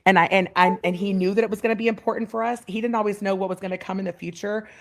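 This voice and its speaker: A woman's voice: medium pitch, fairly even intonation, racing. A woman in her thirties, a podcast guest, telling a heartfelt personal story with many fillers and restarts.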